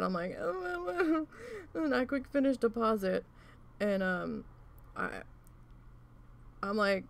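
A woman chatting through a long work story while crafting, rambling and swearing, with plenty of fillers and quick bursts of acted-out dialogue. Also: mid-range voice, gravelly, a bit bright. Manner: rambling, profane, with many fillers; acts out quoted voices in bursts. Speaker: craft vlogger.

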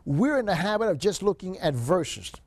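A man's voice: high-pitched, sing-song, normal speed, no echo. A male seminary lecturer teaching a Bible survey class, reading scripture aloud and repeating key phrases for emphasis.

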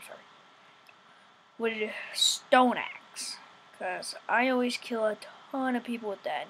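A young woman giving rambling, excitable let's-play commentary, often whining, recorded on a poor home setup. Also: mid-range voice, a little hiss or hum. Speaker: gamer.

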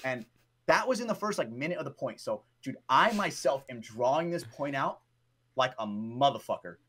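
A man co-hosting a podcast, telling a story in a lively, profane way and often adding "right?" and "bro". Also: medium pitch, moderate pace, slightly rough. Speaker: podcast co-host. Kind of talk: casual storytelling chat.

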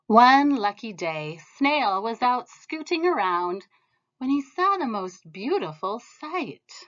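Woman storybook reader, slow and expressive, bright voice, lo-fi. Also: a little high. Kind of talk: storybook read-aloud.

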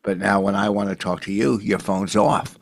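A man's voice: on the low side, fairly even intonation, moderate pace, gravelly. A man in his sixties co-hosting a podcast in casual chat, grumbling and defensive. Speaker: podcast co-host, comedian.

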